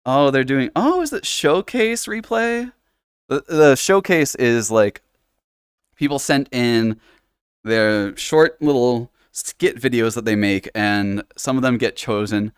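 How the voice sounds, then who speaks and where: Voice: medium pitch, slow, clean tone, dry recording, studio quality. A live streamer chatting casually while exploring, rambling and self-deprecating.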